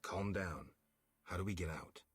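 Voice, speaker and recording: A gruff male monster hunter speaks from the very bottom of the register with a husky, grainy texture. His delivery is flat, dry and unimpressed, as in a story-driven video game. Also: a little slow, no echo. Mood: calm. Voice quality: very deep, husky. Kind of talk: game voice acting.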